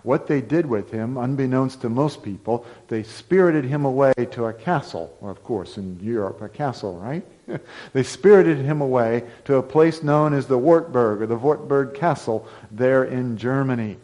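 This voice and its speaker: A male pastor preaching a sermon, telling history as a lively story with emphatic rises. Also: medium pitch, normal speed, low-quality recording. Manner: storytelling, animated, rising to emphatic declarations.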